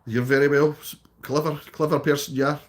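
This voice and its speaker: A man's voice: a little high, flat delivery, fairly quick. A Scottish man chatting casually on a live stream, reading out viewer comments and answering them. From Scotland.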